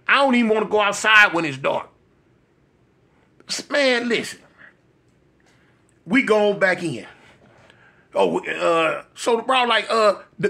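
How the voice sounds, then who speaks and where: A man telling a comic story from his past, animated and slangy, often slipping into quoted voices. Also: high voice. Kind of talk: comedic storytelling.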